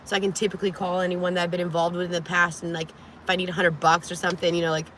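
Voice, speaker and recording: Woman vlogger, bright tense voice, animated and profane, lots of "like", storytelling in a car, faint background noise. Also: on the low side, racing. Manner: animated, frank and profane, with many "like"s. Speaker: vlogger telling a personal story. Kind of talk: casual storytelling to camera.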